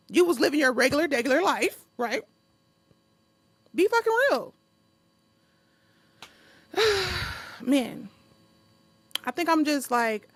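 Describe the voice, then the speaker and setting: A young woman with a fairly high, gravelly voice talks off the cuff into a close podcast mic. She speaks bluntly, swears freely and laughs often. The sound is dry, with no room behind her. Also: fairly bright tone, dry recording. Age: young adult. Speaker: podcast host. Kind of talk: unscripted solo podcast monologue.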